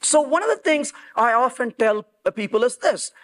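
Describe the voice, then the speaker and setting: A man's voice: extremely high pitch, animated, normal speed. A man giving a technical conference talk in an emphatic way, acting out quoted dialogue. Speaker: conference speaker. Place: conference venue.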